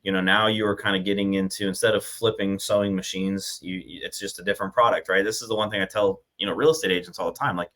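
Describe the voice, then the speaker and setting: Deep-voiced male podcast host. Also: steady tone, fast talker, few pauses, a bit bright. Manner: conversational, frequent "right?" tags. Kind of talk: casual interview chat.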